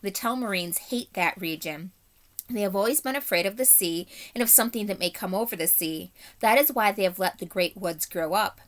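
A woman's voice: mid-range voice, a little fast, close to an everyday voice. A woman doing a learned old doctor. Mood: grave. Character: learned old male doctor, breathless and urgent.

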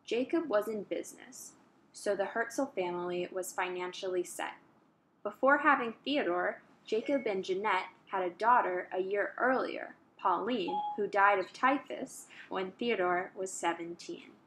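A woman's voice: mid-range voice, a little slow, fairly bright tone, a little hiss or hum, poor audio. A woman narrating a school history project in a careful, read-aloud way.

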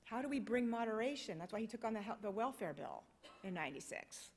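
An American woman delivers a conference keynote with passion and emphasis, posing many rhetorical questions. Her voice is on the high side, animated, quick, and slightly rough, and the conference hall gives it a long reverb.

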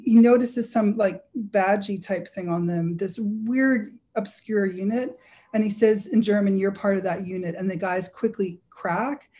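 A woman's voice: medium pitch, mellow. A woman author being interviewed, recounting anecdotes with energy and frequent self-corrections. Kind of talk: lively anecdotal storytelling.

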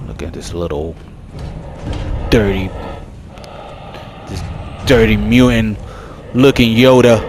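A man giving casual let's-play commentary on a horror game, excitable and jokey, with frequent startled exclamations. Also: medium pitch, slow, pauses often, a little hiss or hum. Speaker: gaming channel host.

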